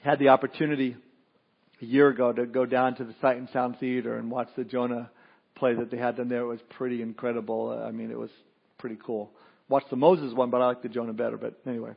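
A man's voice: medium pitch, vocal fry. A man preaching a sermon as pastor, folksy with joking asides and prayer. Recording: dull lo-fi sermon recording.

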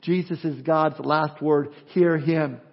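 A man with a high voice preaches to his congregation in an expressive style. He pushes his key points loudly and drops to quiet asides in between. The recording sounds dull and lo-fi. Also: takes it slowly, creaky. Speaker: pastor. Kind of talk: sermon.

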